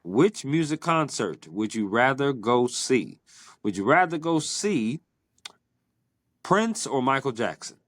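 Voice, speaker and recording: A man hosts a casual podcast and runs a game of quick either-or questions. He teases his guest about her answers in a playful way. His voice sits at an ordinary pitch and is recorded close and dry. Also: big pitch swings, a bit bright, dry recording. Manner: playful, teasing, drawn-out questions. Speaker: podcast host. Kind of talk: casual interview chat.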